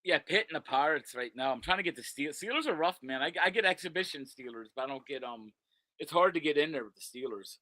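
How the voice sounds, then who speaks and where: Man, brassy bright tone, dry close sound, rambling guest storyteller. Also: fairly high pitch, expressive, fast talker, no room sound. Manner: rambling storyteller, many restarts. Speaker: guest, sports website owner. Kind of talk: casual podcast chat. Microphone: video call.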